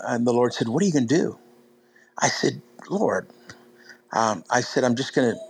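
A man's voice: mid-range voice, vocal fry, slightly rough, poor audio. A big man preaching, telling stories conversationally with many fillers and restarts. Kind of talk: sermon storytelling.

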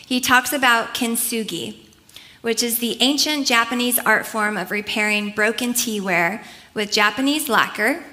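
Woman preacher, bright and a bit high, earnest, conversational sermon delivery. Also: normal speed.

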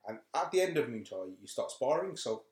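A man's voice: medium pitch, big pitch swings, fairly quick, darkish tone. A man co-hosting a casual podcast chat at home, telling a rambling story with frequent laughs. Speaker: podcast co-host. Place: home room. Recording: echoey home room.

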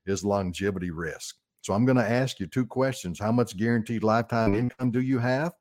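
Southern arkansas guy on talk radio, lowish voice, dry close mic, chatty and upbeat. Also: fairly quick, darkish tone, dry recording. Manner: folksy, upbeat, often says folks. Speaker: radio show host, financial advisor. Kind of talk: radio talk show monologue.

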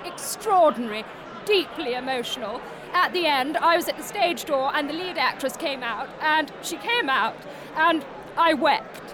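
A woman's voice: high-pitched, animated, normal speed. Woman doing a gushing theatre critic. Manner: theatrical, name-dropping, effusive. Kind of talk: comic radio report. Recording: busy bar crowd and noise. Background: crowd chatter.

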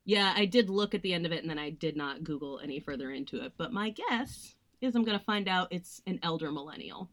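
A woman's voice: on the low side, lively intonation, a little fast, few pauses, a bit bright. Chatty young woman reviewing films. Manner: chatty, frequent "like" fillers, sarcastic mock voices. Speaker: podcast co-host. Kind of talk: casual film review chat.

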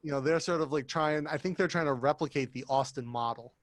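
A man in his thirties co-hosts a podcast with a loose, joking manner, slipping into put-on voices now and then. His voice sits a little high, and the sound is dry and close. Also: fast, dry recording. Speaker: podcast co-host. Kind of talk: casual podcast chat.

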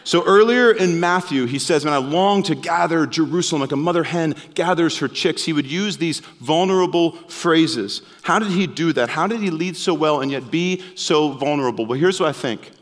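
Earnest male pastor preaching in a hall. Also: fairly high pitch. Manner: earnest, emphatic, slows down on key phrases. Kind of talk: sermon.

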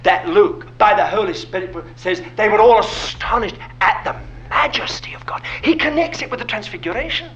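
A man's voice: high-pitched, moderate pace, few pauses, a bit bright, muffled recording, slight background noise. A man preaching a sermon, asking rhetorical questions and dropping to a whisper for emphasis.

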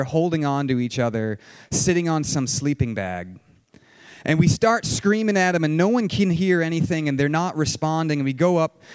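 Excited man telling a survival story. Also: a little high, no echo. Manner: vivid, excited, acts out shouted quotes. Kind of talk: personal story told to an audience.

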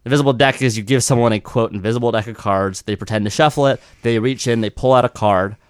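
A man co-hosting a podcast in casual, animated chat who slips into mocking impressions. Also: mid-range voice, quick pace, clear, resonant tone, no room sound, clean studio sound. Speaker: podcast co-host.

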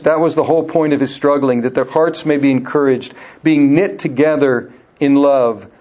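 A man's voice: fairly high pitch, darkish tone. A man teaching verse by verse through a Bible letter in a conversational way, repeating key phrases for emphasis. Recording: dull lo-fi recording.

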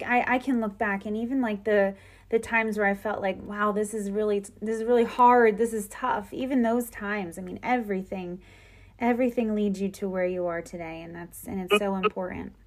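A woman hosting a relaxed interview chat in a mid-pitched voice. She asks her guest questions and answers in warm, encouraging affirmations. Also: normal speed. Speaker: interview host.

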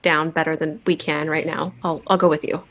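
A woman's voice: deep voice, level tone, brisk, fairly bright tone, a little hiss or hum. A woman playing a tabletop game, talking in a cautious, placating way. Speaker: player. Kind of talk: casual tabletop game play.

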